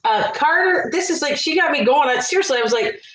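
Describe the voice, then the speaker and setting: A woman hosting a casual cooking livestream, chatting away and warmly thanking viewers by name from her kitchen. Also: high voice, expressive, fairly quick. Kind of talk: casual live-stream chat. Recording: echoey room.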